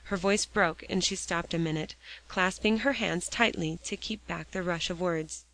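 A woman narrating a classic children's storybook aloud in a steady, even reading voice. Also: fairly low pitch, normal speed, low-quality recording. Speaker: audiobook reader.

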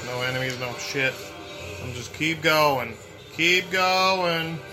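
A man giving profane, excitable let's play commentary, muttering to himself and yelling when he panics. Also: fairly high pitch, slow pace, music in the background. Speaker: gameplay streamer.

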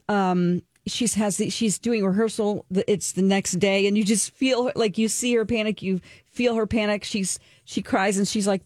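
A woman's voice: mid-range voice, darkish tone, dry recording. Earnest woman talk-radio host, dry sound. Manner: earnest, emotional and open, sharing personal experience. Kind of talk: casual talk-radio chat, reviewing a documentary.

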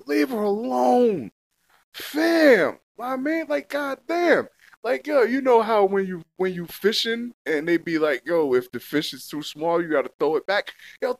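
A man's voice: extremely high pitch, dry recording. A young man in a casual, heated rant, full of slang and swearing, repeating himself as he goes. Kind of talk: casual profane rant to camera.

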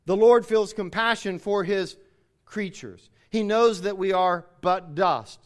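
A man's voice: sits high, takes it slowly. A man preaching a sermon, explaining scripture and reading passages aloud with emphasis. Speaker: pastor.

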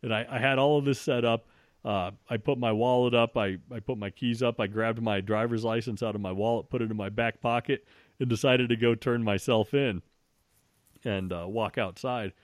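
A man's voice: medium pitch, steady tone, moderate pace, dry recording, clean studio sound. A man telling a long story in a casual, profane way, with many restarts. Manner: profane, rambling with frequent restarts.

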